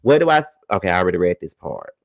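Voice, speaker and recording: A man doing celebrity gossip commentary, blunt and profane, mocking and repeating his points with lively emphasis. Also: low voice, rapid-fire, no room sound, clean studio sound.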